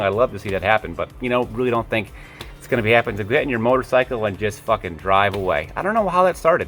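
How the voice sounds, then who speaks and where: A man's voice: lowish voice, fairly bright tone. A man giving casual, rambling commentary to camera. He drifts into tangents, corrects himself often and swears offhandedly. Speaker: video creator.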